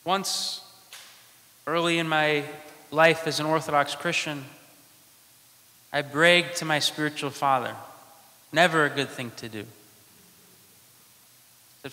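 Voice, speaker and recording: A male priest delivers a sermon in a slow, deliberate cadence, pausing between short phrases. His voice sits a little high and has a bright, forceful edge. The church gives it a long, ringing reverb. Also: fairly even intonation. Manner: slow, measured preaching with dramatic pauses.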